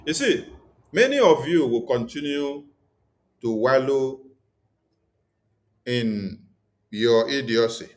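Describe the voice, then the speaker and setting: A man's voice: mid-range voice, animated, slow, pauses often. A man with a Nigerian accent giving impassioned political commentary, scolding and mocking his listeners with rhetorical questions. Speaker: online commentator.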